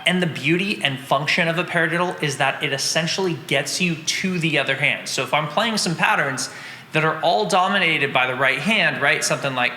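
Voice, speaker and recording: A man's voice: on the high side, brisk, echoey room, big-room sound, background noise. A man teaching drums, patiently explaining and counting out strokes in an instructional lesson. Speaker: drum teacher.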